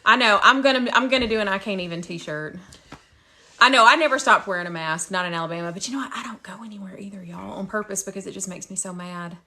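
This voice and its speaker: A woman, a nurse chatting casually on a livestream, animated and quick to laugh. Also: medium pitch. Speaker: ICU nurse and show host.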